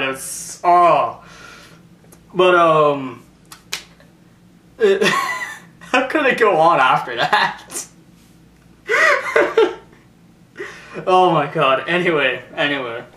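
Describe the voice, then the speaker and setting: A young man giving a casual movie review, animated and laughing often, swearing freely. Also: fairly high pitch, extremely slow, pauses often, roomy sound.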